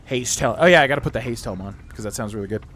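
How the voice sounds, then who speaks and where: A man's voice: medium pitch, rapid-fire, a bit bright, a little hiss or hum. A man streaming a role-playing game, chatting casually and reading in-game text aloud. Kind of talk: casual gameplay commentary.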